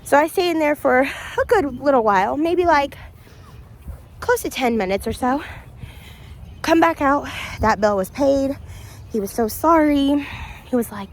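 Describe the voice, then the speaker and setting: A woman's voice: high-pitched, expressive, a little slow, long pauses, slight background noise. A woman vlogger telling a story to camera in a casual, chatty way, speaking straight to her viewers and laughing often. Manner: laughs often between lines.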